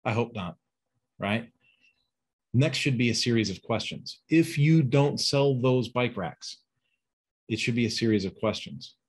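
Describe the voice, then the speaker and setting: Slow and slightly rough, with long pauses, this mid-range man instructs staff in a webinar as a sales and service trainer. He asks rhetorical questions and performs example phone calls, voicing each side in quotes.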